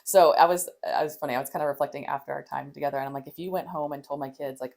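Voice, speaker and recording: A woman in her thirties with a notably low voice talks through parenting stories as a counselor. She is animated and laughs often. When she quotes herself calming her children, she turns soft and gentle. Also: rapid-fire, vocal fry, hardly any pauses. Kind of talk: podcast conversation.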